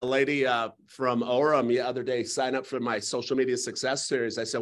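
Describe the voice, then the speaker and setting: A middle-aged man teaching a live real estate class, talking in a folksy way and telling stories with quick asides. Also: medium pitch, flat delivery. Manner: folksy, storytelling, rapid asides.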